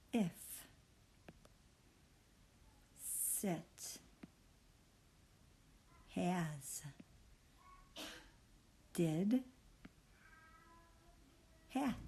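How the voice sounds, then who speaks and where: Slow, mellow-voiced woman teaching reading. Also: lowish voice. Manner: patient, encouraging, sounds out words slowly. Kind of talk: phonics reading lesson.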